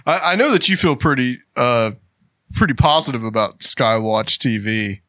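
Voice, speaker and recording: A man's voice: medium pitch, animated, normal speed, a bit bright, no room sound. Easygoing male podcast host. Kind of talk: casual interview.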